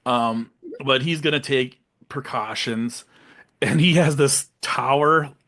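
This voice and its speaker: A young man co-hosting a casual movie podcast, retelling scenes with animated quick silly voices. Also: mid-range voice. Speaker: podcast co-host.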